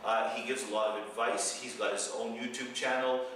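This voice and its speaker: A man's voice: mid-range voice, fairly even intonation, fairly quick, fairly bright tone, a little hiss or hum. Rambling male host in an echoey room. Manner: formal, wordy, rambling. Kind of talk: show introduction. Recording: very echoey room, mic far off.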